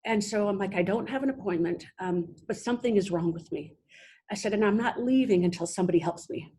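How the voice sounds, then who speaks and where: A young adult woman, a podcast guest, telling her own story in a halting way with many restarts. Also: mid-range voice, mellow, slight background noise. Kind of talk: personal storytelling interview.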